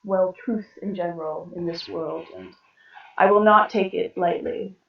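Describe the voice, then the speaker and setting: A woman's voice: on the low side, steady tone, a little slow, gravelly, reverberant, distant mic, dull audio. A woman voicing a refined, prim lady.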